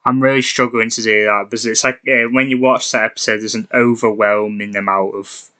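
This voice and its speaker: A man co-hosting a podcast in casual chat, agreeable and quick to laugh. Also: on the low side, little pitch movement, pushed and bright, clean tone. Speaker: podcast co-host.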